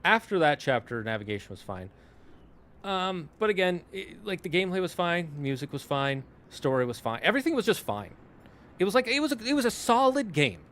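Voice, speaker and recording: A man's voice: high-pitched, big pitch swings, a little fast, fairly bright tone. A young man streaming, chatting casually and rambling, often correcting himself and breaking off into asides to chat.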